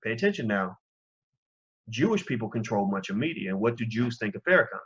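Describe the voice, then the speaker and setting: A man delivers fiery opinion commentary, preaching straight at his listeners. His voice is husky and a little breathy. The recording sounds dull and lo-fi. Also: lowish voice, big pitch swings, fairly quick, a bit bright. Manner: impassioned, preaching, direct address to listeners. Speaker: commentary channel host.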